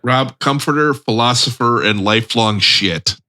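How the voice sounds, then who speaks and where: A man co-hosting a podcast, tossing in quick jokes and teasing. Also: mid-range voice, bright, forceful tone, no echo. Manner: quick jokey interjections. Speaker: podcast co-host. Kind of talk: casual chat.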